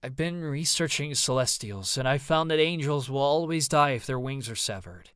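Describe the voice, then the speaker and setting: A man's voice: medium pitch, expressive, moderate pace, a bit bright, clean tone, no room sound, studio quality, lightly acted. A man narrating an audiobook, voicing an earnest young man who explains his findings emphatically. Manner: emphatic, slightly wavering.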